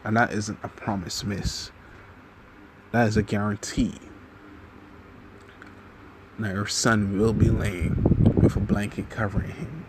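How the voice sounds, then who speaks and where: Man voicing a cold teenage boy hero, flat threatening tone, lowish voice, slow, noisy background. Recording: audible background noise.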